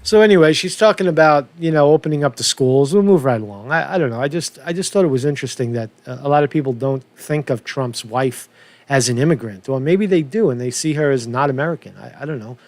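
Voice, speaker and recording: Gravelly profane New man. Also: mid-range voice, fast talker, no room sound. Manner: profane, rambling, stumbling restarts. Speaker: political commentator. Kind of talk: casual rant.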